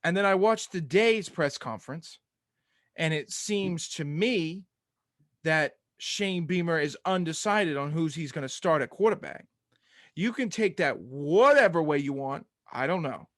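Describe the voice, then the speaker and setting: A man's voice: fairly high pitch, animated, a little slow, a bit bright, dry recording, clean studio sound. A man co-hosting a casual sports podcast, ranting with energy and laughing often. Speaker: podcast co-host.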